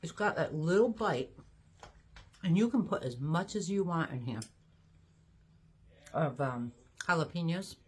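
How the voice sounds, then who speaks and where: A woman's voice: low-pitched, animated, measured pace, long pauses, husky. A woman from Georgia, chatting folksily to her viewers in her home kitchen. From Georgia, USA. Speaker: home cooking vlogger. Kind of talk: casual chatty cooking video.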